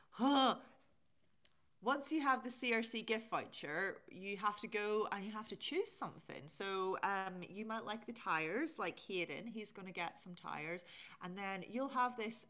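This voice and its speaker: A woman's voice: mid-range voice, animated, unhurried, a bit bright. A woman hosting a casual live stream, chatting and reading out viewer comments. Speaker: livestream host.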